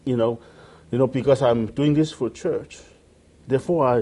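A man's voice: mid-range voice, normal speed, mellow. A man preaching a sermon in an earnest way, often repeating phrases and quoting scripture.

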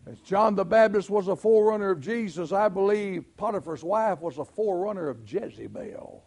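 A middle-aged man with a Southern US accent preaching a sermon, telling folksy stories and swelling into shouts. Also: sits high, lively intonation, brisk. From Southern United States. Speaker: pastor.

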